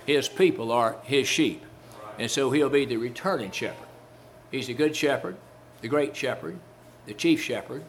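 A man preaching a sermon at a mid-range pitch, hammering home repeated phrases and tossing rhetorical questions at his congregation. He quotes old-style scripture with steady conviction. A faint hiss of noise sits under the recording. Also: normal speed. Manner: quotes King James scripture. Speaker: Baptist preacher.

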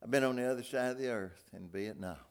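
A man's voice: medium pitch, fast, clean tone. Older man preaching with dramatic swings. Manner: folksy, with wide dramatic swings between loud outbursts and hushed near-whispers. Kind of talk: sermon.

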